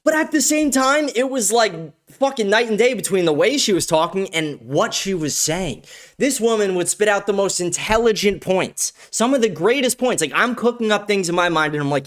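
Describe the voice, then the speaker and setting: A man's voice: high voice, expressive, fast talker, a bit bright. A man hosting a casual livestream commentary show from a studio, crude and profane, laughing often. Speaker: host.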